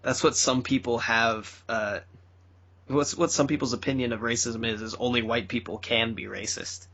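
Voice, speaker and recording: A man's voice: medium pitch, steady tone, moderate pace, a bit bright. A man co-hosting a casual podcast, chatting loosely and often trailing off and restarting. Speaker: podcast co-host. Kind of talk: casual chat. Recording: dull lo-fi podcast audio.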